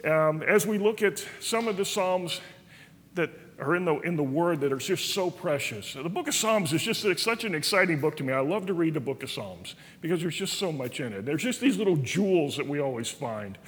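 A man's voice: on the high side, lively intonation, moderate pace, fairly bright tone. A man teaching a Bible study in a church, earnest and folksy, telling stories. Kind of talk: sermon. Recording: reverberant church hall.

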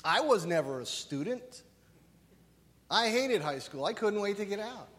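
High-voiced pastor preaching in a hall. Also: male voice, measured pace. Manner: animated, conversational, keeps asking "right?". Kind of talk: sermon. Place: church sanctuary. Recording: reverberant hall.

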